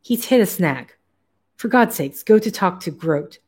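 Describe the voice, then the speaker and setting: A woman voicing an excited male scientist who speaks urgently and insistently. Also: sits high, measured pace, breathy edge, heavily acted.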